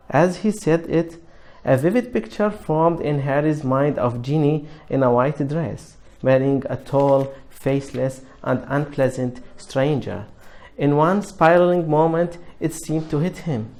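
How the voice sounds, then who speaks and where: A man reading a novel aloud in a measured narration with small restarts. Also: a little high, a little mellow. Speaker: reader.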